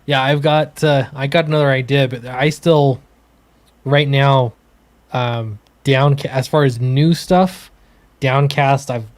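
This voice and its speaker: A man who makes comics, co-hosting a casual livestream, easygoing and halting, with many fillers. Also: medium pitch, dry recording. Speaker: comics creator and co-host.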